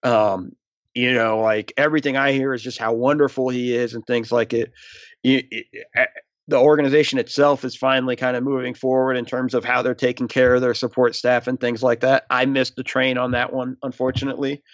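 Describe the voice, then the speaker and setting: A man's voice: medium pitch, level tone, brisk, no echo, muffled recording. A man, a former team staffer, talking as a guest in a casual interview, rambling with fillers. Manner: rambling, many fillers and restarts.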